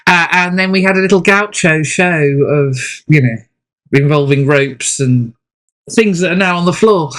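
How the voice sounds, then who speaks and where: A woman's voice: deep voice, normal speed, a bit bright. A woman co-hosting a podcast in casual chat, rambling a bit with restarts and wry asides. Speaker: podcast co-host.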